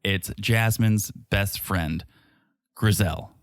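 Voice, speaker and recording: A man's voice: fairly low pitch, lively intonation, normal speed, dry recording, clean studio sound. A man co-hosting a podcast, recapping a reality show with wry, sarcastic commentary. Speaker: podcast co-host. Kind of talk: casual recap chat.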